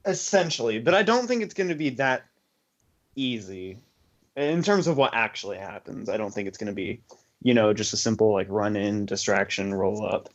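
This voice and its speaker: Lively man on a dull mic. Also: on the low side, moderate pace. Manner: animated, swears casually. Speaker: podcast panelist. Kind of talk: casual chat.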